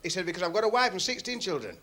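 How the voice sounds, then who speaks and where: A man's voice: high voice, big pitch swings, rapid-fire. A man doing a chatty club stand-up routine, teasing the audience and telling jokes in broad dialect. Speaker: stand-up comedian. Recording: old club recording with loud crowd laughter and noise.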